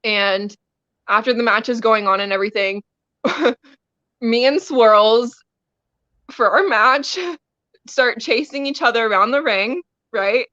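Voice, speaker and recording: A woman's voice: on the high side, slow pace, long pauses, pushed and bright, dry recording, muffled recording. A woman wrestler guest telling a story in a casual interview, laughing often as she talks. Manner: giggly, laughs often while telling stories.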